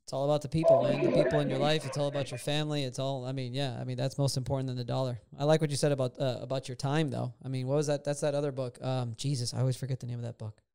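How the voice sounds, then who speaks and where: A man's voice: mid-range voice, little pitch movement, racing, gravelly, hardly any pauses, warm tone, clean tone. A male podcast host in casual conversation, blunt and a little profane, asking long rambling questions. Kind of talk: casual interview chat.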